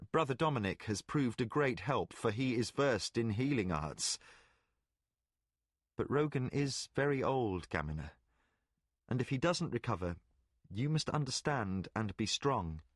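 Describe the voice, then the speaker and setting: A man voicing a weary, grave male magician who speaks in a measured, sober way, in a dry studio read. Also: medium pitch, expressive, dry recording.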